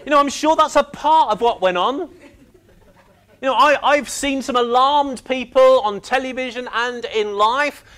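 At a measured pace, a very high-voiced preacher brings his sermon to life through stories. He plays out the characters' reactions and drops low when things turn quiet.

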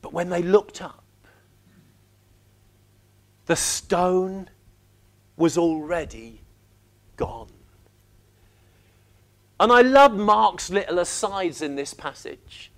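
A man with a very high-pitched voice delivers a sermon with animated storytelling. He drops low for quiet moments and acts out characters' reactions. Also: very slow, pauses often. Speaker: preacher.

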